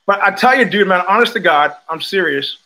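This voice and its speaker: A man's voice: high-pitched, a little fast. An older man with a New York accent hosting a livestream, telling stories bluntly and with swagger, often restarting his sentences. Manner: blunt, animated storytelling with frequent restarts and profanity. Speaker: show host. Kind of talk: casual livestream monologue.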